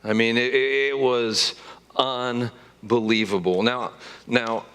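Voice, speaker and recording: Bright-voiced, joking pastor preaching. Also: male voice, medium pitch, fairly even intonation, takes it slowly, clear, resonant tone. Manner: conversational, joking preaching with a rising, emphatic delivery. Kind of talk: sermon. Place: church.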